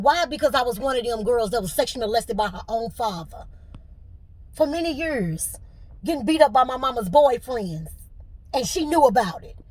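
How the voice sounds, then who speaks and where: A woman's voice: on the high side, slightly rough, dry recording. A middle-aged woman, venting to camera with emotion and fighting back tears. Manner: tearful, fighting back crying. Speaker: vlogger.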